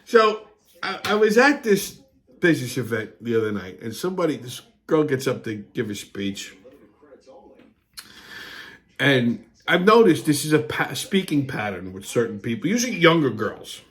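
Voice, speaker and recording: A man's voice: mid-range voice, big pitch swings, normal speed, fairly bright tone. A man hosting a comedy show, delivering a crude, brash rant full of swearing and mock outrage. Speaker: show host.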